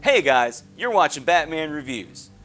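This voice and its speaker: A man's voice: a little high, sing-song, a little slow, fairly bright tone, faint music behind. A man giving a scripted comedy film review, joking crudely and swearing freely. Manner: crude, jokey, profane.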